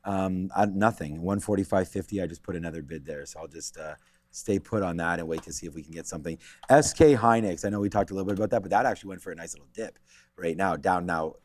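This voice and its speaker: A man with a very low, deep voice talks through stock charts on a live market show, thinking aloud as he goes. The sound is dry and close, with no room echo. His delivery rambles and circles back on itself. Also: fast talker, a little mellow. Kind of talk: live trading commentary.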